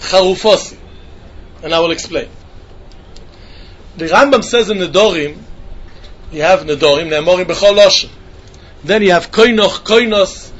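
A man's voice: high-pitched, a bit bright. A man giving a Talmud lecture, often repeating phrases and restarting sentences. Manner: mixes English with Hebrew and Yiddish terms, repeats phrases, restarts often. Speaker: Talmud teacher.

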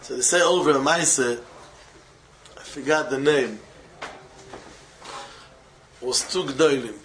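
A man teaching a Talmud passage and telling a story in an animated way, slipping Hebrew and terms into his English. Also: medium pitch, slow, a little hiss or hum. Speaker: Torah teacher. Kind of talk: Talmudic discourse with a told story.

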